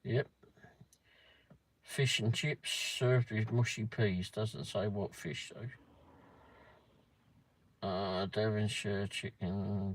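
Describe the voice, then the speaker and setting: A man's voice: on the low side, very slow, pauses often. A man hosting a casual livestream, reading a pub menu aloud with muttered asides and the odd swear word. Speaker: livestream host.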